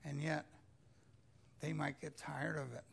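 Male pastor, unhurried conversational sermon, raspy fry in a high-set voice. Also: flat delivery. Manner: conversational retelling of scripture, mimics pleading voices.

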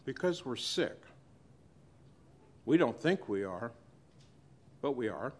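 A male pastor preaching a sermon to his church. He pauses dramatically and swings between loud and hushed delivery. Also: mid-range voice, sing-song.

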